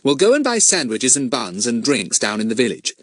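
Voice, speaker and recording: A man voicing a clever, self-assured boy who leads a group of young sleuths, talking brisk and sure. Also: medium pitch, very animated, no room sound, pitched above the performer's own voice. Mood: confident.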